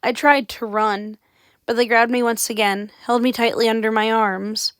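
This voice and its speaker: A woman's voice: on the high side, fairly even intonation, normal speed, fairly bright tone, smooth, dry recording. A woman reading a horror story aloud with dramatic, suspenseful narration. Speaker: audiobook reader.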